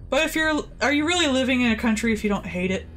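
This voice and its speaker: Animated, wry Southern woman on stream. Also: a little high, quick pace, faint music behind. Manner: animated, wry, swears casually. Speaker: artist streaming. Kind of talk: casual stream chat. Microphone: headset.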